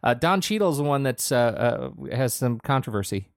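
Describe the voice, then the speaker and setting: A playful man in casual film talk who teases his co-host and lobs questions at him. His voice swings widely in pitch. It is recorded close and dry. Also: big pitch swings, normal speed, no room sound. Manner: playful, teasing, prompts the other host. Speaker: podcast co-host.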